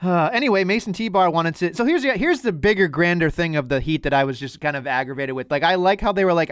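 Smooth-voiced man with a faint Boston accent. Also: on the high side, lively intonation, fast, few pauses, no room sound, studio quality. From Massachusetts North Shore. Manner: rambling, self-interrupting opinions. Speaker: podcast co-host. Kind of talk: casual chat about pro wrestling.

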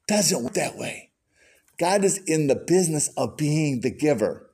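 A man preaching a sermon as pastor, folksy and animated, with conversational asides. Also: a little high, moderate pace, breathy edge.

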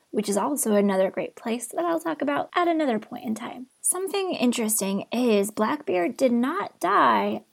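A woman's voice: on the high side, vocal fry. A young woman hosting a travel podcast, talking in a bubbly, enthusiastic way. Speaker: podcast host. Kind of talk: casual travel podcast narration.

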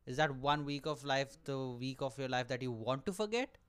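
A young man who hosts a solo comedy podcast, animated and profane and mocking himself. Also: medium pitch, moderate pace, clean tone. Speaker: podcast host. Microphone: camera mic.

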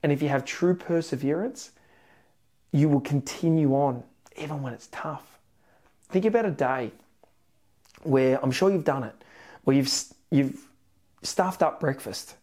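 A man with an Australian accent hosting a motivational podcast, telling stories energetically with sudden excited rises. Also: a little high, unhurried, long pauses. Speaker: podcast host, weight loss coach.

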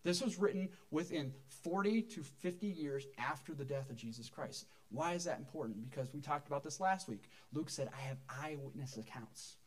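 High-voiced pastor preaching conversationally. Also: male voice, moderate pace, hardly any pauses. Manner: conversational, jokes with the congregation. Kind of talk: sermon. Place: church.

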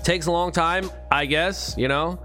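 High-voiced man ranting with heavy profanity. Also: steady tone, unhurried, sharp tone, soft background music. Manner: profane, slangy, rambling and emphatic. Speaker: vlogger on money and bitcoin. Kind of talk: unscripted monologue rant.

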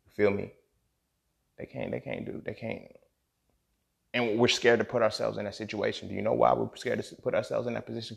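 A podcast host with a fairly low voice and vocal fry holds forth by himself, venting angrily and emotionally. He swears, presses his points hard, and keeps checking in with "you feel me."

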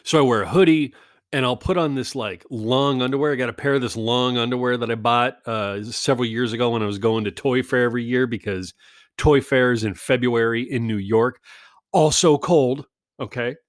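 A man's voice: medium pitch, a little fast, dry recording, studio quality. A man in a casual rambling monologue, ranting and self-deprecating, swearing often.

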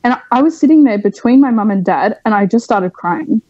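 Guest: young woman from Australia, candid interview, mellow dry voice, animated storyteller. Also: on the high side, fairly quick, no echo, lo-fi sound. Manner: frank, animated storytelling with many fillers. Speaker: podcast guest.

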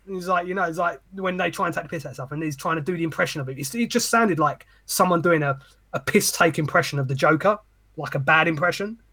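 Husky, sweary man ranting. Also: on the high side, fast, sharp tone. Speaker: podcast co-host. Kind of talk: casual chat.

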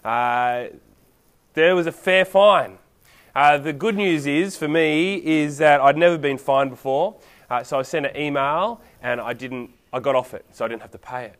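A man delivering a sermon in a relaxed, story-driven way. His voice sits high for a man. He keeps it conversational and lively. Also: moderate pace. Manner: casual, animated storytelling. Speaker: preacher.

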